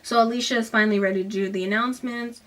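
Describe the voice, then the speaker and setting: A woman's voice: fairly high pitch, fairly even intonation, very fast, a bit bright, distant mic. A young woman giving a casual book recap, chatty, full of "um" and "like", with sarcastic asides.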